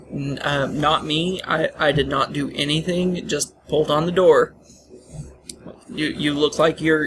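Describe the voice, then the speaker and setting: A man co-hosting a podcast in casual chat, talking haltingly with frequent stammers. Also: a little high. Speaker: podcast co-host. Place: hotel lobby. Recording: noisy lobby ambience.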